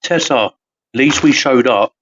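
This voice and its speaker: A man's voice: mid-range voice, fairly bright tone, slight background noise. A man co-hosting a casual live podcast, joking and firing off teasing questions. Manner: teasing, jokey, quick questions. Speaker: podcast co-host. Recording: slightly dull lo-fi audio.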